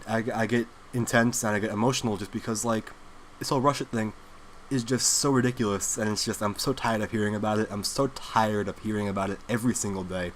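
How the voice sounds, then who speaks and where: Young guy doing a fired-up political rant, lots of likes, faint hiss in the background. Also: lowish voice. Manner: animated, heated, with many filler likes. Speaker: host. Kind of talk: political commentary monologue.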